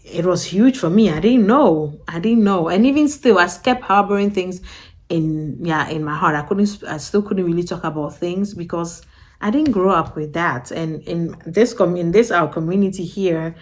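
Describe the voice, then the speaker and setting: A woman talking casually to camera as a vlogger, animated and repetitive, often acting out other people's voices with a laugh. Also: on the low side. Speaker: vlogger and podcast host.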